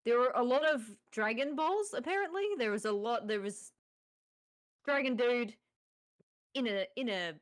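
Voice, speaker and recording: A woman's voice: on the high side, lively intonation, moderate pace, pauses often. A tipsy woman playing in a tabletop game, recapping with rambling, laughing and swearing. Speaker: player. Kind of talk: casual tabletop game chat.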